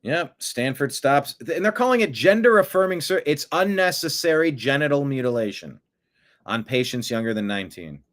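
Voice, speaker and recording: A man's voice: a little high, expressive, normal speed, a bit bright. A middle-aged man hosting an online political commentary show, blunt and sarcastic with rambling asides.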